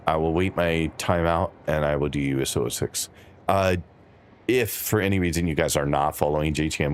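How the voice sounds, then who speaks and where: Deep voiced guy chatting w his stream chat while gaming, laid back, little bit of hum behind. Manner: relaxed, chatty, talks to chat by name. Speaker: game streamer. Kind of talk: casual live-stream chat while playing.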